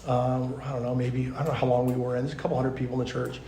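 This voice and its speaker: A man, a pastor, teaching at a youth conference in a chatty, animated storytelling way, full of fillers. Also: mid-range voice, racing, slight background noise. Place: large conference hall. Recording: echoey hall.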